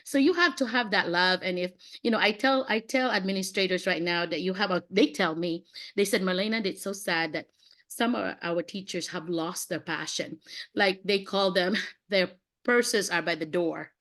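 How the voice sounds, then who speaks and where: A woman's voice: medium pitch, moderate pace, a bit bright. Chatty fifty-something woman coach on a call. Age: 50s. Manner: chatty, laughing, lots of fillers and acted-out dialogue. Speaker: education coach running mock interviews. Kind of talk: casual motivational talk on a video call. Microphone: video call.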